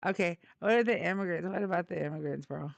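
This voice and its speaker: Combative streamer host with a gravelly voice. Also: medium pitch, quick pace, no echo. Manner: blunt, combative, mocking. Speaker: live-stream political talk show host. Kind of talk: heated live call-in debate.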